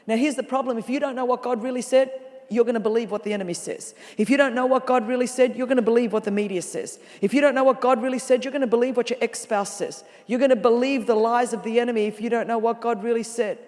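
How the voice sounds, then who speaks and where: A woman preaching a sermon as a guest speaker in a large church, animated and playful, with comic asides. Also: fairly high pitch, fast talker. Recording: long reverb of a large hall.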